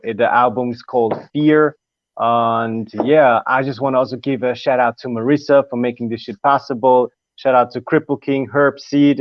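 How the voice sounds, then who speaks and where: A man's voice: medium pitch, dry recording, lo-fi sound. A man appearing as a guest musician in a casual radio interview, easygoing, swearing freely and laughing often.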